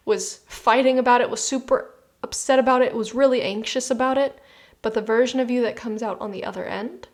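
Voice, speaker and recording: A woman giving a tarot reading. She speaks directly to the listener in an earnest, reassuring, conversational way and often says "you know.". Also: on the high side. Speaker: tarot reader. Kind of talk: spoken tarot reading to the viewer.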